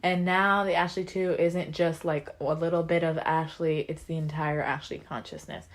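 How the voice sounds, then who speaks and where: A woman's voice: low-pitched, little pitch movement, moderate pace. A young woman co-hosting a casual podcast recaps an episode in a loose, chatty way. She drops into slangy quoted voices for the characters as she goes. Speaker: podcast co-host.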